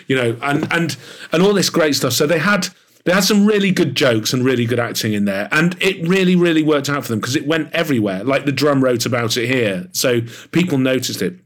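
A man being interviewed as an author, talking in an animated, enthusiastic way with plenty of fillers. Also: medium pitch, fairly quick. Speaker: author and guest. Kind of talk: podcast interview.

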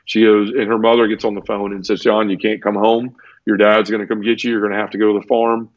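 A man's voice: fairly low pitch, little pitch movement, quick pace, dry recording. A man telling a personal story as an interview guest, earnest and teary, often repeating words and restarting his sentences. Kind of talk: emotional personal storytelling in conversation. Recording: dull lo-fi dry sound.

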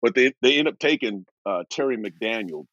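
Man in his fifties, husky voice, very lively pitch, dry dull lo-fi sound, animated storyteller. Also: normal speed, no room sound. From Oregon, USA. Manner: lively, laughs while telling stories. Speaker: guest, former pro football player.

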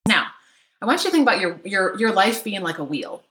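A woman's voice: mid-range voice, big pitch swings, a little fast, pushed and bright, reverberant. A middle-aged woman coaching an online workshop, upbeat and chatty, often checking in with "right?". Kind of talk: live online workshop talk. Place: home office.

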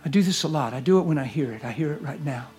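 A man preaching a sermon and leading prayer, earnest, moving between hushed whispers and loud exclamations. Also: fairly high pitch, expressive, racing, faint music behind. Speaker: guest preacher. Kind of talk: sermon with altar call and prayer. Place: church service.

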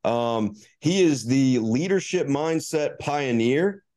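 A man's voice: mid-range voice, animated, slow pace, a little mellow. Man hosting a podcast interview, easygoing delivery full of ums, mid-range voice. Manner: hesitant, many ums and restarts. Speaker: podcast host.

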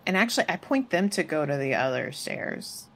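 A woman's voice: deep voice, normal speed. A woman playing a tabletop game, chatting and giggling often. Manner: giggly, animated. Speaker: player.

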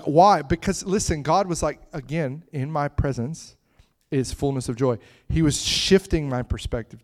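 Man, preacher, slightly high voice, conversational sermon, prone to laughing fits.

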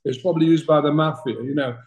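A man's voice: fairly high pitch, fairly even intonation, quick pace, creaky, a little mellow. Older British man telling stories, echoey room. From Britain. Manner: chatty, laughs through his stories. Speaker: guest, talent manager. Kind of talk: anecdotal interview storytelling.

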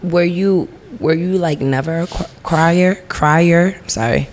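A woman co-hosting a casual podcast, chatty and quick to laugh, speaking in relaxed, informal grammar. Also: lowish voice. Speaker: podcast co-host.

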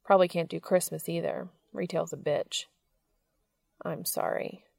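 A woman's voice: on the low side, fairly even intonation, a little slow, creaky, darkish tone, dry recording, heavily acted. A woman reading the lines of a bantering, self-deprecating adult man in a story, in her own voice. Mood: rueful. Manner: bantering, sarcastic.

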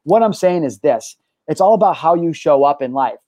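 Male live-show host, slightly high-pitched, lively swearing storyteller, dry close sound. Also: normal speed, no echo. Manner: energetic, animated storyteller, swears freely. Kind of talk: casual live-stream chat and storytelling.

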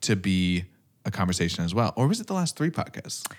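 A man's voice: deep voice, very animated, fairly quick. A man in his thirties co-hosting a podcast, chatting casually with lots of fillers and laughter. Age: 30s. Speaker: podcast co-host. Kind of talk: casual chat.

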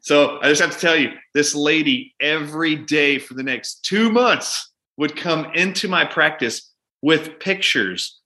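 A man with a bright, forceful voice tells a clinic story in an interview. He talks animatedly and acts out both sides of a conversation with a patient. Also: a little high, a little slow. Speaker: doctor and guest.

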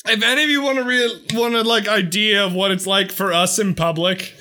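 Man, podcast co-host, casual chat, excitable, swears, high voice, studio mic with pop filter. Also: a little fast. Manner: excitable, laughs often, swears freely.

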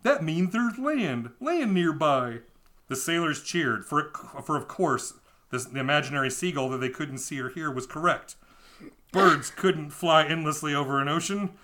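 Brief: amused male podcaster, bright voice, mocking a storybook as he reads. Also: a little high, normal speed. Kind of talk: reading a children's book aloud with mocking asides.

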